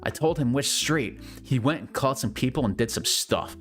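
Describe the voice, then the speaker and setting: A man doing a comedic dramatic reading of bad fanfiction, with mocking deadpan asides. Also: normal speed, soft background music. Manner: swears and jumps into shrill high voices for quotes. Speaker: fanfiction reader.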